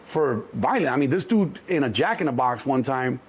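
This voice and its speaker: A man's voice: medium pitch, normal speed, breathy edge. A man in his sixties from Chicago, telling stories from his past in a casual interview, acting out the voices of others with many restarts. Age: 60s. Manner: animated storyteller, acts out quoted voices, many restarts. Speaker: interview guest.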